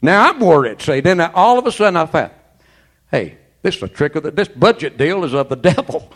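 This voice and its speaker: A man's voice: a little high, lively intonation, fairly quick, fairly bright tone. A man preaching a sermon as pastor, fervent and folksy, peppering his talk with amens and praise. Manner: folksy, colloquial storytelling.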